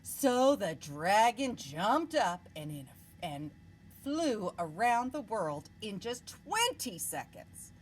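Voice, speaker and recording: Woman teacher, story-time read-aloud, lively melody, slow. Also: mid-range voice, a little hiss or hum, poor audio. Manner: expressive, asks children questions. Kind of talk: reading a picture book aloud to children.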